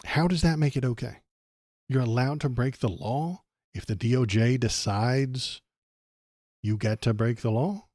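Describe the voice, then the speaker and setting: A man's voice: mid-range voice, a little slow, darkish tone, no room sound, clean studio sound. A man hosting a political livestream, ranting sarcastically and tripping over his words. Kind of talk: casual political commentary.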